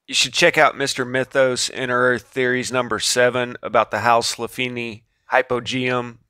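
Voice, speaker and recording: A man's voice: medium pitch, little pitch movement, moderate pace, hardly any pauses, pushed and bright, smooth, dry recording. Casual man narrating, dry close sound. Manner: offhand, sarcastic asides. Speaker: video narrator.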